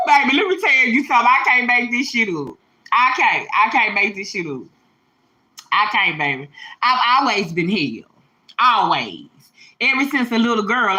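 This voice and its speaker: A woman, hosting a livestream and telling stories in an animated way, laughing, swearing and calling her viewers y'all and baby. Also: medium pitch, low-quality recording. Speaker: livestream host. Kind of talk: casual storytelling to viewers. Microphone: phone or webcam livestream.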